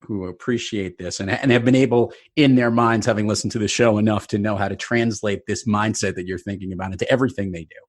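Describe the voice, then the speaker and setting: A man's voice: on the low side, steady tone, fast talker, few pauses. A man hosting a podcast, interviewing his guest in an easy, encouraging way. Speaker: podcast host. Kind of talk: conversational interview.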